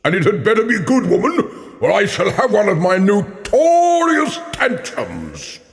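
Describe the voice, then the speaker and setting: A man voicing a greedy, evil giant ogre who talks slowly and bellows orders in a storybook reading. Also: sits high, huge pitch swings, voice pushed up, heavily acted. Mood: menacing. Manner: slow, bellowing, bossy.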